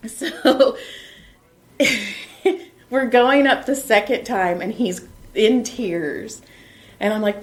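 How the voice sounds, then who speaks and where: A woman's voice: on the high side, very slow, pauses often. Laughing middle-aged woman host. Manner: laughing often, animated storyteller. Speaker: podcast host giving a massage. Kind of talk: casual chat. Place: basement.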